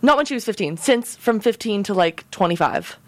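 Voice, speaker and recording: Young woman guest on a college radio podcast, chatty and excited, laughs a lot, dry close sound. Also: medium pitch, moderate pace, dry recording. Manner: enthusiastic, chatty, laughs often. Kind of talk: casual chat. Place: student radio studio.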